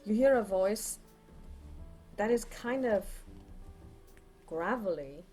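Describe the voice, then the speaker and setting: A woman running a tabletop horror game as game master, narrating in a measured way. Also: medium pitch, expressive, dark tone, soft background music.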